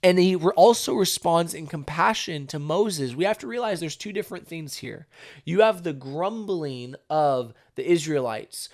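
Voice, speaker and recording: Earnest, emphatic male Bible podcast host. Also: a little high. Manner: earnest, emphatic, rhetorical questions. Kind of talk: Bible reading and commentary.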